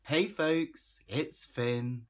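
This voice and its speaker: A man's voice: a little high, extremely slow, loud music behind the voice. A tired man chatting casually to his camera as a vlogger, laughing often and making fun of himself. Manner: chatty, laughs often, self-deprecating, trails off.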